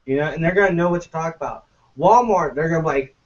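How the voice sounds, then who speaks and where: A man's voice: a little high, fast talker. A man co-hosting a gaming podcast, ranting casually and profanely. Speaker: podcast co-host. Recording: muffled lo-fi, distant from mic.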